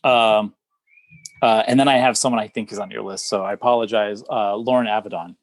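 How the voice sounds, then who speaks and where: A man's voice: lowish voice, steady tone, fairly quick, no room sound. A man co-hosting a podcast in casual chat, easygoing, starting with hesitant fillers. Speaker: podcast co-host. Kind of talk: casual chat about martial arts films.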